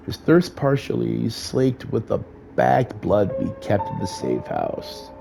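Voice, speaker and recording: A man voicing a calm, formal vampire sheriff in a game, with a deep, soft-spoken, half-whispered delivery. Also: gravelly, heavily acted. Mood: composed. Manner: soft-spoken, measured, courtly. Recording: faint music behind.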